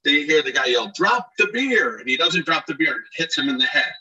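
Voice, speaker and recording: Man, ex-ballplayer guest: bright, husky, a bit off-mic, animated storyteller. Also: medium pitch, quick pace, distant mic, highs cut off. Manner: animated, acts out shouted quotes, many restarts. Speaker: guest, former ballplayer telling stories. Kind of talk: casual storytelling interview.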